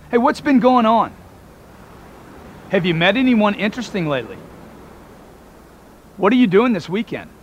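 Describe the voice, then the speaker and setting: A man giving a motivational talk to camera, energetic, acting out everyday dialogues to make his point. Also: high voice, slight background noise. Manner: energetic, acts out sample dialogues. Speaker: motivational speaker.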